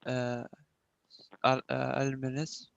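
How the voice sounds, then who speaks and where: A man answering in class, hesitant and halting, stumbling over words. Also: medium pitch, monotone, vocal fry, smooth, highs cut off. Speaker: student.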